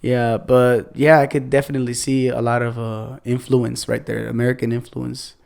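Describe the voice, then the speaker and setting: A man who is a guest on a podcast, relaxed and agreeable, often chuckling along. His voice has a gravelly edge but stays smooth and resonant. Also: medium pitch. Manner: easygoing, agreeable, quick to laugh. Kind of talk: casual chat.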